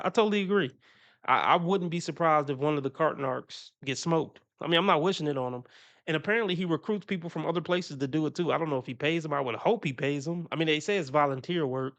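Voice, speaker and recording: A man streams his reactions in a relaxed, profane ramble full of chuckles. His voice sits a bit high for a man and carries a gravelly fry. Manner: loose, profane, laughs often, talks through his opinions. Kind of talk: casual reaction commentary.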